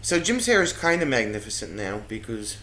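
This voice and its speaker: A man's voice: mid-range voice, a little fast, slight background noise. A man co-hosting a casual livestream, cheerfully reading viewer comments and chatting. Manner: animated, cheerful, reads viewer comments aloud. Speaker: livestream co-host reading chat. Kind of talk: casual chat.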